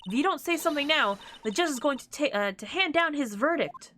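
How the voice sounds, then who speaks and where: A woman voicing a young female defense attorney in a courtroom video game, speaking in a gentle, earnest, reassuring way. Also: high voice, lively intonation, brisk, a little hiss or hum, pitched above the performer's own voice.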